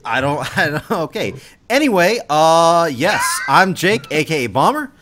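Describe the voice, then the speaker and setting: Bright-voiced young male podcast host. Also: on the high side, very animated, measured pace, slight background noise. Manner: laid-back, laughs often, trails off with fillers. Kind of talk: casual podcast chat.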